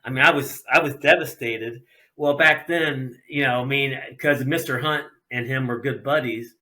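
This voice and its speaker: Animated, bright-voiced storyteller, a man from Ohio. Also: medium pitch, moderate pace. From Ohio, USA. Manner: animated, acts out quoted voices. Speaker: podcast guest, sprint car racer. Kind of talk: casual storytelling.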